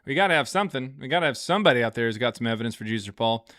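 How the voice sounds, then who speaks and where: Male livestream host, bright voice, dry close mic, jokey rambling chat with viewers. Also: medium pitch, animated, very fast, no room sound. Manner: joking, rambling storytelling with laughs; reads out viewer super chats.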